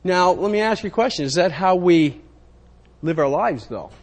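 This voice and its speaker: A man preaches a sermon emphatically and repetitively, addressing himself as much as his listeners. His voice is high-pitched with lively intonation, at a moderate pace.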